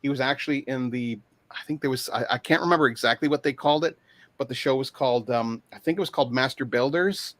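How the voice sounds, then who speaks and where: A man chatting casually as a guest, talking haltingly with many fillers and restarts over a video call. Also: medium pitch, a bit bright, no echo. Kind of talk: casual chat.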